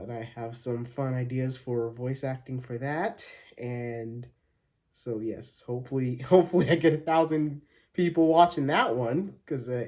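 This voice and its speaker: A man's voice: medium pitch, darkish tone. A man hosting his own channel, talking casually to viewers in an upbeat, rambling way with many fillers and restarts. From Arizona, USA. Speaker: channel host. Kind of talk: casual thank-you vlog.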